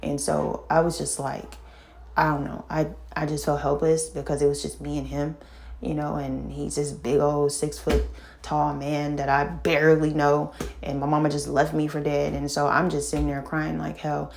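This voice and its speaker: A middle-aged woman telling a painful personal story in casual talk, halting and full of fillers and restarts, sighing and shaken. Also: deep voice, completely flat delivery, gravelly, darkish tone, slight background noise. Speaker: vlogger telling her own story.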